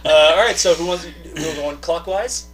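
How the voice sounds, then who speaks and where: A man's voice: fairly high pitch, normal speed. A young man in his twenties hosting a casual movie podcast, rambling and joking, often breaking into laughter. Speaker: podcast host. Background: friends chatting and laughing.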